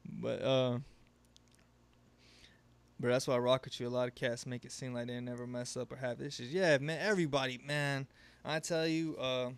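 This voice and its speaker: A man's voice: medium pitch, smooth. A man hosting a live question-and-answer stream, talking in a laid-back, rambling way, swearing freely and laughing often. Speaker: livestream host. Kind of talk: casual live Q&A chat.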